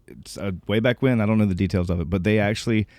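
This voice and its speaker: A man's voice: lowish voice, fast talker, darkish tone, dry recording, studio quality. A man co-hosting a podcast in casual chat, eagerly telling a story. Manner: storytelling, eager, laughs often. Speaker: podcast co-host.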